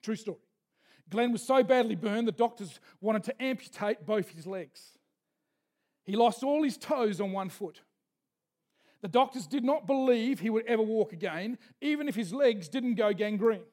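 A man's voice: sits high, animated, normal speed, a little mellow. A man preaching a sermon as pastor, telling stories in a folksy manner with asides. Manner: storytelling with folksy asides and restarts.

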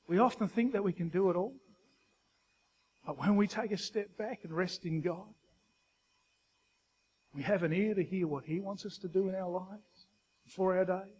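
A middle-aged man with an Australian accent, preaching a sermon through an animated personal story full of restarts. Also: high-pitched, a little hiss or hum.

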